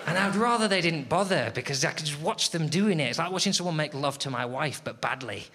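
A fairly high-pitched, animated man delivers a stand-up routine a little fast, and when he imitates talking to his housemates he lapses into an exaggerated sing-song. Recorded live at a comedy venue, the clip has a noisy background dominated by loud laughter from the audience.

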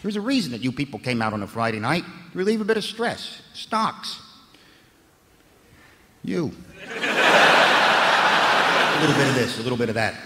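An American man doing a stand-up comedy set on a club stage, profane and ranting, often rising into loud shouts. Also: medium pitch, sing-song, normal speed, pauses often, in a large hall, background noise. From United States.

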